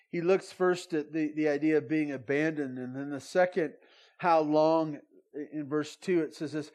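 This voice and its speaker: A man preaching a sermon, swinging between loud emphatic lines and soft intimate asides. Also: fairly high pitch, normal speed. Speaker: pastor.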